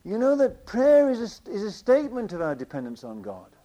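A man preaching a sermon with passion, repeating phrases and swinging between loud declarations and quiet asides. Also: high voice, huge pitch swings, fairly quick, dull audio.

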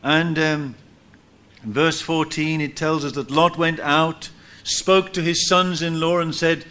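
A man preaching a sermon in church, telling a story lively and acting out what people said. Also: a little high, measured pace. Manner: animated storytelling, acts out quotes with laughs.

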